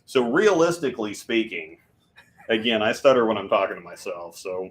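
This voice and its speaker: A man's voice: fairly low pitch, big pitch swings, moderate pace. A man co-hosting a casual bowling podcast, rambling and self-deprecating, with frequent restarts. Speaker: podcast co-host. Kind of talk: casual chat.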